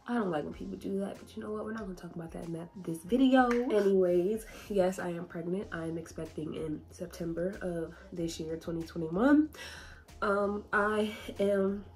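A woman's voice: lowish voice, moderate pace, darkish tone. Chatty emotional young woman vlogger. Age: 20s. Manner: chatty and emotional, laughing and holding back tears. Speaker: YouTuber. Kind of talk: casual vlog talk to viewers.

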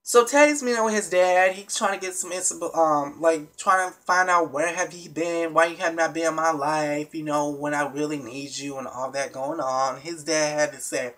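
Vlog recap, casual, animated, profane, blunt, talks to viewers. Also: medium pitch, moderate pace, hardly any pauses. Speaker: TV show reviewer.

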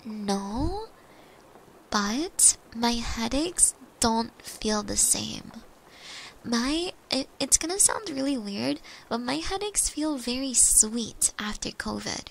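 A young woman streamer telling casual rambling stories during an ASMR stream, swearing freely and slipping into soft whispers. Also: fairly high pitch, lively intonation, slow, creaky, a little hiss or hum. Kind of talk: chatty ASMR stream storytelling.

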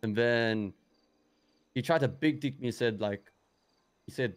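A man's voice: medium pitch, measured pace. Rambling young man. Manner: rambling, hesitant, many restarts and fillers. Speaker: roleplayer in character. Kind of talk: in-character roleplay recounting events.

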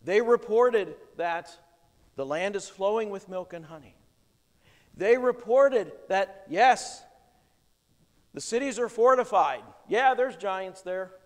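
A man's voice: sits high, animated, slow. A male pastor preaching a sermon in a church, explaining scripture with emphatic, plain conviction. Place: church sanctuary. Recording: long church reverb.

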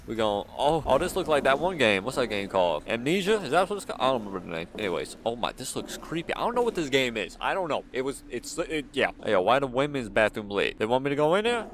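A man's voice: mid-range voice, very animated, fast talker, hardly any pauses, fairly bright tone, a little hiss or hum. A young man, chatting nervously while he plays a horror game. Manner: chatty, nervous, talks to himself while playing. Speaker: gaming YouTuber. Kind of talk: casual horror game commentary. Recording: game music behind voice.

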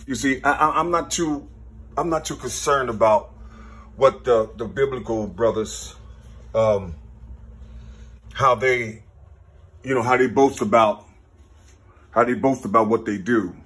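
A man, rambling through a spiritual numerology monologue, counting numbers half-aloud and repeating "you see". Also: fairly bright tone. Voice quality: very husky, slow, low-key. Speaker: self-taught numerology teacher.

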